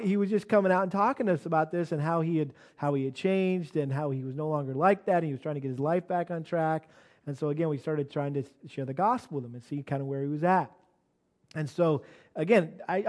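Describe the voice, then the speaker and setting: A pastor preaching a sermon, telling a personal story with many restarts and building to emphatic calls to be bold. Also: male voice, high-pitched.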